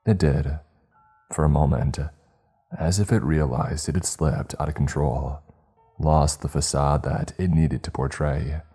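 A man narrating a horror story in slow, grave, scripted style. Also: very deep voice, steady tone, dark tone, breathy edge, faint music behind.

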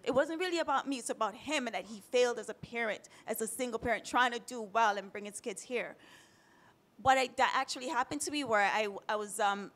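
Woman from Jamaica in her thirties, higher voice, candid and emotional, for a personal panel story. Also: fairly bright tone. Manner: candid, emotional, close to tears at times.

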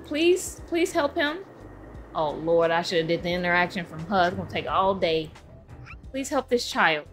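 Brief: female gaming host, slightly high voice, chatty running commentary, allergy-scratchy throat. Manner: chatty, talks to her game characters and viewers. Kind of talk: casual let's-play commentary.

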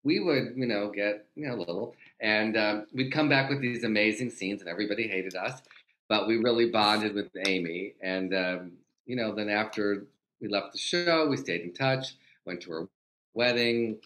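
An older man, a guest on a talk show, telling animated showbiz anecdotes, acting out quoted dialogue and swearing freely. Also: on the low side, normal speed. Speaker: guest, TV comedy writer. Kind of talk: casual storytelling interview.

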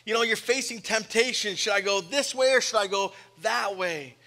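High bright-voiced male preacher in a hall. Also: moderate pace. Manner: expressive, swings from loud emphasis to soft storytelling. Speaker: pastor. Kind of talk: sermon. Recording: live sermon with long hall reverb.

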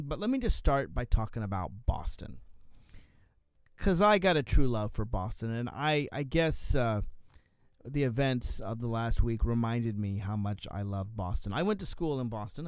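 Smooth-voiced male talk radio host. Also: mid-range voice, darkish tone, no echo. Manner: conversational, with frequent fillers and restarts.

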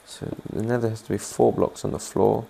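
Gravelly man narrating his gameplay. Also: fairly low pitch, flat delivery, a little fast, warm tone, a little hiss or hum. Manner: rambling, chatty, asks viewers to comment. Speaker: gaming channel host. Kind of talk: let's play commentary.

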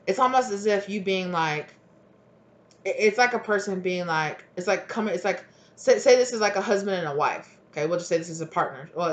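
A tarot reader giving a solo reading to camera, rambling with many fillers and restarts and acting out both sides of imagined arguments. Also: medium pitch. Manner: rambling, acts out dialogue of both partners.

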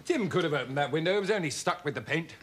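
A man's voice: on the high side, animated, very fast, fairly bright tone, slight background noise. An actor playing a hearty, polite young man, jovial and charming. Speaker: visiting cousin. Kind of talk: sitcom acting.

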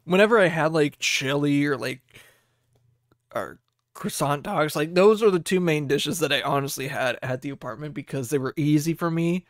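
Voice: medium pitch, normal speed, no echo. Dry, rambling young podcast host. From United States. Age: 20s. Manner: meandering, reminiscing, many fillers. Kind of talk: casual solo chat.

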